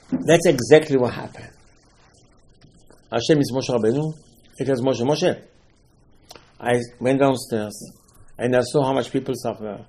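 Man giving an animated, dramatic Torah sermon. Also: mid-range voice. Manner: dramatic, swings from loud exclamations to hushed asides, voices characters in dialogue. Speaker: rabbi giving a Torah class.

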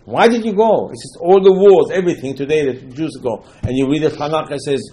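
A man's voice: fairly high pitch, quick pace, dark tone, a little hiss or hum, rough recording. A man teaching a Torah lesson as a sermon, telling the stories with animation and acting out the dialogue in loose, non-native English full of Hebrew terms. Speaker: religious teacher.

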